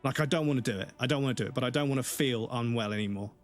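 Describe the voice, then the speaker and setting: A man's voice: mid-range voice, very fast, soft background music. A man streaming a game live, chatting casually with viewers and venting his exasperation in a rambling way.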